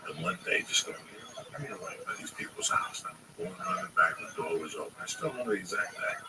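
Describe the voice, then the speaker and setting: A man's voice: low-pitched, expressive, quick pace. A middle-aged man telling long, profane, rambling stories to friends in a casual livestream. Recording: distant mic with loud background noise.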